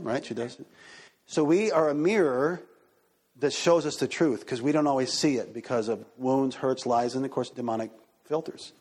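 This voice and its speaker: Man preaching in a church, kinda high voice, plays out little voices, echoey hall. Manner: animated, acts out quoted voices. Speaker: pastor. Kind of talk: church teaching with Q&A. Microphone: handheld microphone. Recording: reverberant hall.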